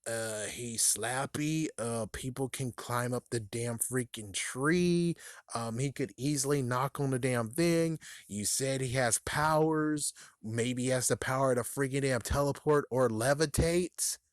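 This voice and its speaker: A man giving a casual, animated spoken book review, cursing often and acting out characters' lines in quick bursts. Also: mid-range voice, no room sound, studio quality.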